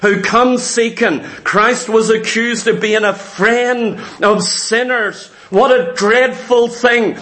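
Brief: male preacher with a very high voice, fervent and emphatic, repeating phrases. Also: fairly bright tone. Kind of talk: sermon.

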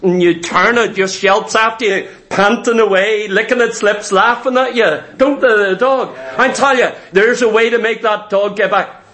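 A man's voice: high-pitched, a little slow, a bit bright. A man preaching a sermon, emphatic and repetitive, acting out little scenes as he goes.

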